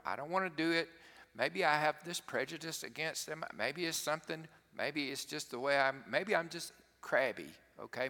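A man's voice: mid-range voice, bright, forceful tone. A man preaching a sermon as a pastor, in a folksy, conversational way, with asides to the congregation. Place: church sanctuary. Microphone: worship service broadcast mic. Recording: church sanctuary with long reverb.

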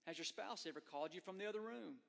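A man's voice: high-pitched, quick pace, gravelly, fairly bright tone. A man preaching a conversational sermon as a pastor, slipping into voices for the people he quotes. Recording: long hall reverb.

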